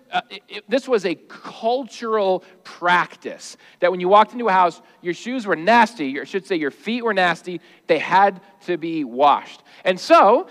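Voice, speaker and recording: Guy with a pretty high voice preaching, chatty and jokey, big reverb like a church hall. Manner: lively, conversational, jokey preaching. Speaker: pastor. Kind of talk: sermon.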